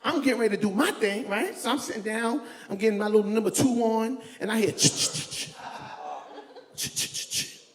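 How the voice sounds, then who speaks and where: A man from New York doing stand-up comedy, telling stories loudly and animatedly. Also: high-pitched, fairly quick, few pauses. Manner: loud, animated storytelling, laughing along. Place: comedy venue with a live audience. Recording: echoey room with faint ambience.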